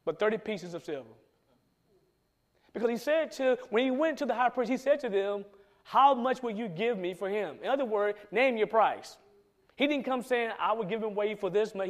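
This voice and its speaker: A man with a high voice preaches a sermon. He tells the story with animated energy and acts out the quoted lines in different voices.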